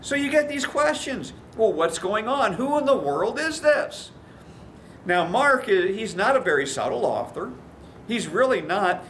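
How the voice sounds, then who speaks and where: With a high-pitched, very animated voice that's a bit bright, this man preaches at a measured pace over slight background noise. As a pastor, he tells stories and performs the quoted voices.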